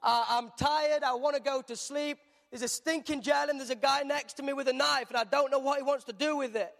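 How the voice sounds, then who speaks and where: A man's voice: very high voice, fairly even intonation, fairly quick, creaky, a bit bright, in a large hall, voice pushed up, full character voice. A man voicing a tired, grumpy adult male prisoner who grumbles in sarcasm. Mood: sarcastic grumbling. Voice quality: forced cheerful, bitter sarcasm.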